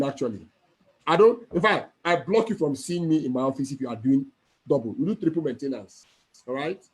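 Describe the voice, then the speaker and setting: A man's voice: a little high, darkish tone. A man from Nigeria giving an emphatic, repetitive motivational speech as a network marketing mentor over a video call.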